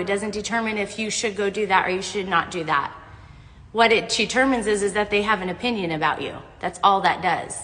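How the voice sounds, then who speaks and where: Bright-voiced woman, echoey room. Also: mid-range voice. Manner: earnest, faith-based, rambling with fillers. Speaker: vlogger. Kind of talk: casual encouraging talk. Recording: echoey room with long reverb.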